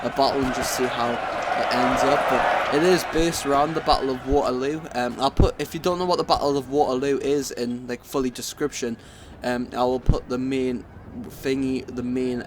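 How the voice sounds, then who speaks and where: A young British man giving casual, excitable commentary on a strategy game battle, rambling with many fillers and restarts. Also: medium pitch, a little hiss or hum. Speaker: gaming channel host.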